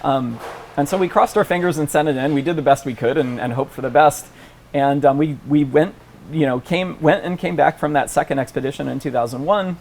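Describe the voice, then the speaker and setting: A man's voice: on the high side, fairly quick, a little mellow. Guy in his 40s, interview guest, lots of ums n restarts, faint noise behind. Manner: thoughtful, many ums and restarts. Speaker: paleontologist guest. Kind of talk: casual interview chat.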